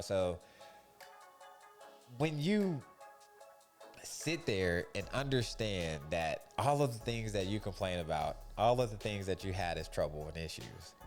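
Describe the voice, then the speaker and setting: A young man with a fairly low voice talks casually about keeping your peace. He tells stories in a loose, animated way and slips into the voices of the people he quotes. Soft music plays faintly behind him. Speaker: podcast host. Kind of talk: casual faith-based monologue.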